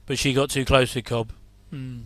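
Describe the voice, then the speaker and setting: A man's voice: medium pitch, little pitch movement, moderate pace, fairly bright tone, no room sound. A middle-aged man giving rambling casual commentary while watching an old TV episode, with wry asides and chuckles.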